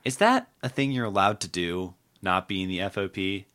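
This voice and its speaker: A man hosting a podcast, chatting casually and rambling through loose thoughts with plenty of fillers and false starts. His voice sits on the low side yet has a bright, forceful edge. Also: normal speed. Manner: rambling, heavy on fillers and restarts. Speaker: podcast host. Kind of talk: casual political chat.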